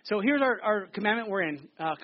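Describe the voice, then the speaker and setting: Fast-talking, high-voiced joking pastor. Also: male voice, lively intonation. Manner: joking, chatty, full of quick restarts. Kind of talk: sermon. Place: theater. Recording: slightly dull lo-fi recording.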